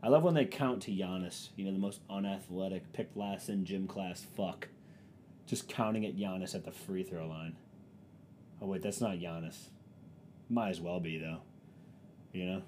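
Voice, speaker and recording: A man's voice: low-pitched, normal speed, pauses often, darkish tone, a little hiss or hum. A young man with a stuffy nose from allergies, rambling through a sarcastic, profanity-laced comedic monologue. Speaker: vlogger.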